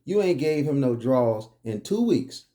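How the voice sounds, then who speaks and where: Emphatic lecturing man, lively pitch. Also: measured pace. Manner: emphatic, repetitive rhetorical questions. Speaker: commentary host. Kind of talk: preachy monologue on relationships.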